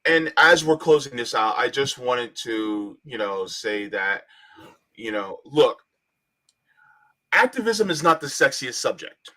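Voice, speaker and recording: A man hosting a livestream panel, talking in a measured, reflective way with many fillers. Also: medium pitch, sing-song, sharp tone. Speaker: livestream host.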